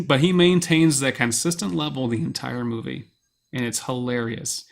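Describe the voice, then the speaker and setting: Podekscytowany młody facet, gada chaotycznie. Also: male voice, mid-range voice, normal speed, vocal fry. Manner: excited, rambling, swears freely. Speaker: podcast co-host. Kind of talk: casual chat.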